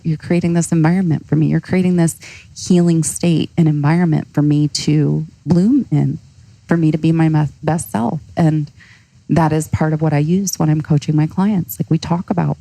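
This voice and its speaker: A woman's voice: low-pitched, steady tone, moderate pace, gravelly, dark tone, no room sound, rough recording. An earnest, heartfelt woman, a coach, speaking as a podcast guest. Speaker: guest, cold-exposure coach. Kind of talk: podcast interview.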